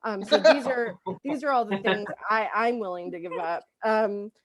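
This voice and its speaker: A woman's voice: mid-range voice, moderate pace, over a noisy crowd. A woman doing a stand-up comedy set, rambling with lots of ums and likes.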